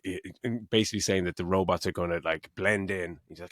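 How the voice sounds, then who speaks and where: A man's voice: low voice, fast, hardly any pauses, no room sound, studio quality. A middle-aged man co-hosting a casual film review podcast, swearing a lot and mocking the plot with frequent laughs. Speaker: podcast co-host.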